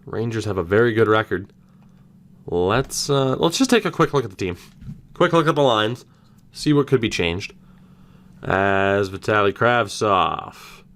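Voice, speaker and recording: Young male gaming host, lowish voice, chatty play-by-play with lively reactions. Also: a little slow, pauses often. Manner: thinks aloud, animated reactions, mild swearing. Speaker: gaming YouTuber. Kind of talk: casual let's-play commentary.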